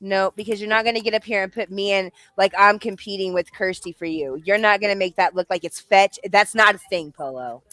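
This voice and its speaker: A woman hosting a late-night livestream chat, ranting loudly, cursing and laughing as she talks. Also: medium pitch, fairly quick, few pauses, no room sound. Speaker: livestream host. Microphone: home streaming setup.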